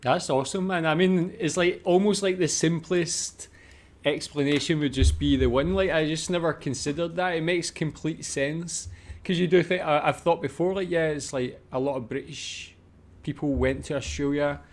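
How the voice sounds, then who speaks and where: A man's voice: fairly high pitch, fairly even intonation, normal speed. A man in his thirties hosting a reaction video, thinking aloud casually and rambling with many fillers.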